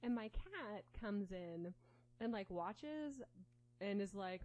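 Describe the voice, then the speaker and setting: A woman's voice: medium pitch, animated, slow, darkish tone, highs cut off. A woman co-hosting a casual chat, talking playfully with lots of laughter and filler words.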